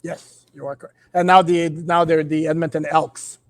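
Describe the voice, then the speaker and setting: A man's voice: a little high, level tone, moderate pace, no echo. Male sports reporter with dry wit. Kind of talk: casual sports radio chat.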